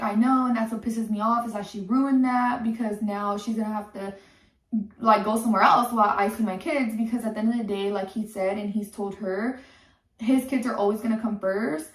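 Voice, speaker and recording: A young woman tells a story as a heated, profane rant, with filler "like" running through her fast talk. Her voice sits fairly high. She sounds a little away from the mic in an echoey room. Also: far from the mic. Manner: heated, swearing, talks fast with lots of "like". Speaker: content creator telling a story.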